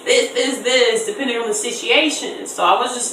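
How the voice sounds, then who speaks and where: Bright-voiced young woman telling a story. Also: fairly high pitch, moderate pace, hardly any pauses, slight background noise. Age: 20s. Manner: animated, slangy, acts out voices in quotes. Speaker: vlogger. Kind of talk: casual storytime. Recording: echoey room, distant mic.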